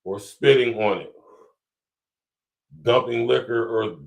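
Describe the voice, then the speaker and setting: A man's voice: mid-range voice, takes it slowly, vocal fry. A man with a Columbus, Ohio accent hosting a podcast, talking in a casual, laid-back way to his viewers and chuckling often. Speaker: podcast host. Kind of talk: casual commentary to a live audience.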